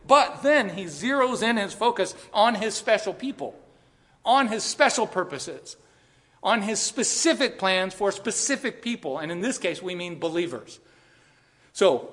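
An older male pastor delivers a sermon in a church sanctuary. His voice sits high and he leans hard on emphasis, sometimes pushing close to a shout. A long reverb trails each phrase. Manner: emphatic, rises to near shouting.

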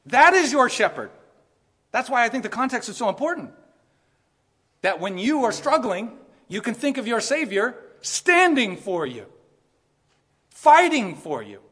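A pastor delivering a sermon, animated and emphatic, laughing now and then as he preaches. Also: extremely high pitch. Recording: hall reverb.

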